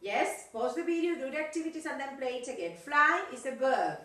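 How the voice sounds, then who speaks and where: Bright-voiced teacher in an echoey room. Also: female voice, high-pitched, expressive, fairly quick. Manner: talks through exercises with frequent "yes, okay?" checks. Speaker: English teacher. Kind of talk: recorded video lesson. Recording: echoey room, far from mic.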